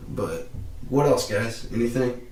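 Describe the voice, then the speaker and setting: A man hosting a casual live-stream podcast, talking excitedly with slang and frequent laughter. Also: medium pitch, unhurried. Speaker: podcast host. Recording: roomy echo.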